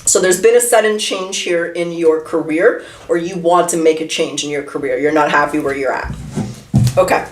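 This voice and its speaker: A woman giving a casual tarot reading, chatty and animated, talking straight to the viewer from a room at home. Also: low-pitched, moderate pace, roomy sound, a little hiss or hum. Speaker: tarot reader. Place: room at home, seated in a chair.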